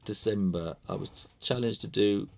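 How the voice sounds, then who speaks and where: Gravelly, chatty British man. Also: lowish voice, normal speed, a little mellow. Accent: British English. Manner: chatty, rambling, laughs often. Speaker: illustrator teaching drawing. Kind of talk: casual drawing tutorial.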